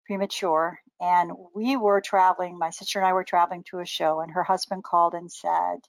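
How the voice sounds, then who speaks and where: Older woman telling lively stories. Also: fairly low pitch, a little fast, gravelly, dry recording, rough recording. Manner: lively anecdotal, laughs often, acts out quoted voices. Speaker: guest naturopathic doctor. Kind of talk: casual storytelling.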